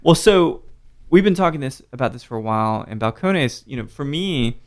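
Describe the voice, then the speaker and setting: Male podcast host, animated and chatty, casual with the swearing. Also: mid-range voice, moderate pace. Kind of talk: casual chat.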